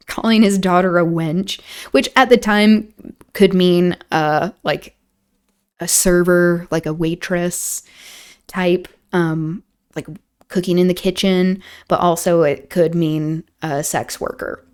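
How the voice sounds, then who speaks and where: A woman's voice: on the low side, unhurried, darkish tone, clean tone. A woman streamer reading a classic novel aloud, breaking off for casual chatty asides.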